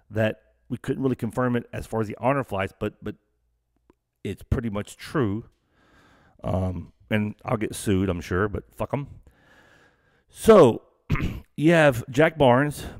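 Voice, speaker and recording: A man's voice: mid-range voice, dry recording, clean studio sound. A middle-aged man from Texas hosting a live stream, ranting bluntly and profanely in a rambling, casual way.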